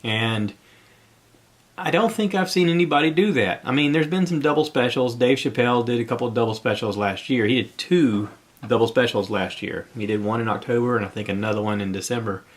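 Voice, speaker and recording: Brisk and medium-pitched, a man runs through a solo podcast monologue. He's conversational and meandering, and he comes across as slightly breathless.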